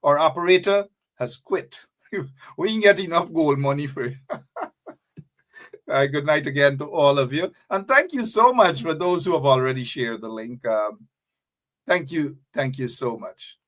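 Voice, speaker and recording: A man's voice: on the high side, animated, normal speed, fairly bright tone. A man with a Guyanese accent hosting a live talk show, preachy and repetitive, calling out his viewers by name. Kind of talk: impassioned live-stream commentary.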